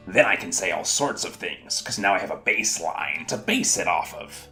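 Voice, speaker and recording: A man's voice: lowish voice, sing-song, moderate pace, few pauses, a bit bright. A man casually explaining how he voices characters in tabletop games, rambling and self-deprecating with many fillers. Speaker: channel host. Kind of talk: casual explanation of game mastering tips. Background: faint guitar music.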